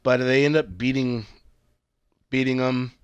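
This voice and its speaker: A man's voice: mid-range voice, fairly even intonation, unhurried, smooth, no echo, lo-fi sound. A man co-hosting a casual chat about a TV show, rambling and swearing, with lots of fillers and restarts. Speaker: podcast co-host.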